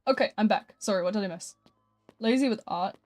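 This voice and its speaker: Woman streamer, middle-pitched voice, chatty, rambling, laughs often. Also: a little fast, darkish tone, dry recording, soft background music. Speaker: live streamer. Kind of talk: casual live-stream chat.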